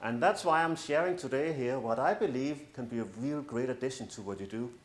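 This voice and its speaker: Middle-aged man, coach giving a talk, earnest, persuasive, mid-pitched voice, echoey room. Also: brisk. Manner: earnest, persuasive, with light self-mocking humor. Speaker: coach and speaker. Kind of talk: presentation to an audience. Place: large room in front of an audience.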